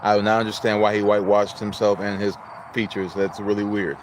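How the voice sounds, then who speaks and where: A man's voice: fairly low pitch, little pitch movement, a little fast, slight background noise. A man from Illinois hosting a casual livestream, chatting, greeting viewers and reading out their chat messages. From Illinois, United States. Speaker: livestream host.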